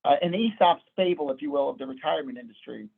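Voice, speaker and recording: A man's voice: fairly high pitch, quick pace, gravelly, husky. A man with a Midwestern American accent, a financial advisor giving a conversational presentation. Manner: conversational, storytelling with quoted dialogue. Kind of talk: presentation to clients. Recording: tinny phone-like audio.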